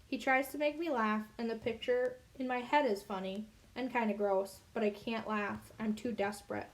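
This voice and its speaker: A woman narrates a children's novel in the first person. Her reading is expressive and earnest. Her voice sits a little high. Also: normal speed. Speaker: audiobook reader.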